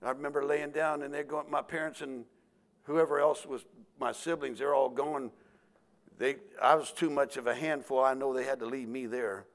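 A man's voice: medium pitch, fairly even intonation, moderate pace. Older male pastor, folksy storyteller, acts out voices mid-sermon.

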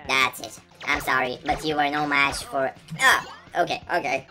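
Low-voiced woman teasing game characters. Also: fairly even intonation, moderate pace, bright, forceful tone. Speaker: gameplay commentator. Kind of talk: playful let's-play commentary. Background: game music.

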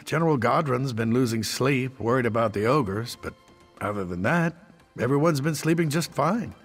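A man's voice: medium pitch, expressive, moderate pace, slightly rough, faint music behind. An actor playing a matter-of-fact male army captain in a video game, speaking in a plainspoken briefing tone.

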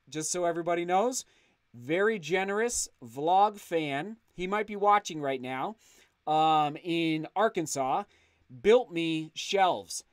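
Livestream host, male, effusive and excitable; smooth, resonant tone. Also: sits high, dry recording, clean studio sound. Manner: excitable, effusive thanks, frequent restarts. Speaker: channel host reading live chat. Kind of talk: casual livestream chat.

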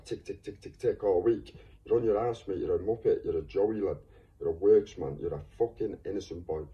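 A man in an angry, swearing rant to camera as a YouTuber. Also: deep voice. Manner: heated, insulting, swearing. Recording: distant, dull lo-fi recording.

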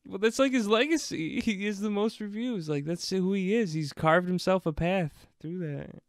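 Young man, podcast co-host, lively and profane, smooth voice on a dry close mic. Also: high voice, moderate pace, no room sound. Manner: animated, swears and laughs a lot. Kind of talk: casual chat.

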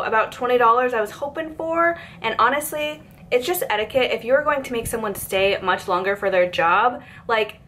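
A woman's voice: medium pitch, a bit bright, slight background noise. A woman in her twenties telling a work story, chatty and exasperated, with lots of fillers. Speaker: vlogger. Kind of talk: storytime rant.

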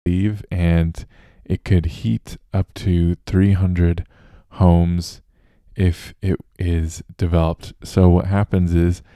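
A man's voice: sits low, level tone, takes it slowly, mellow, clean tone, no echo, clean studio sound. A man hosting a show alone, talking casually and loosely with fillers and restarts. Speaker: host. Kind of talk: casual solo podcast monologue.

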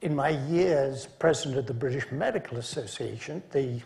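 A man giving an academic conference lecture, measured in delivery and dropping dry asides between points. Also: mid-range voice, gravelly, a little mellow. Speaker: conference speaker.

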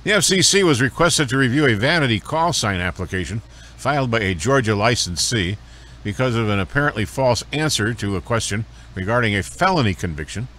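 A man anchoring a radio news bulletin, reading a report in a measured way. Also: mid-range voice, lively intonation, a bit bright.

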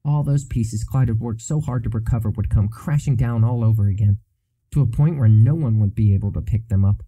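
A man narrating a fantasy novel as an audiobook in a steady, even storytelling manner. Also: on the low side, fairly quick, no echo, poor audio.

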